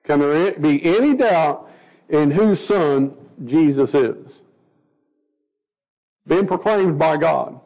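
A man's voice: fairly high pitch, expressive, slow, pauses often, a little mellow, in a large hall. A man teaching a Bible study to a group, asking them questions as he goes and stumbling over words. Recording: dull lo-fi recording.

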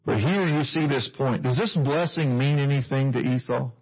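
A man's voice: medium pitch, moderate pace, husky. A male preacher giving a sermon, teaching earnestly and putting questions to his listeners, on a dull lo-fi recording.

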